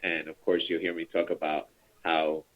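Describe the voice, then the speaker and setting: A man's voice: low-pitched, monotone, moderate pace. A man leading a call center training over a conference call, chatty and rambling with many fillers. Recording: tinny phone line.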